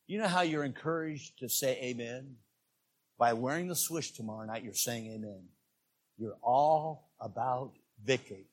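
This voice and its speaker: A man with a husky, slightly high voice preaches to a church congregation. He swings from quiet, confiding asides up to loud, animated calls. His delivery is that of a visiting evangelist. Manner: animated preaching, rising to shouts on key words. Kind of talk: sermon.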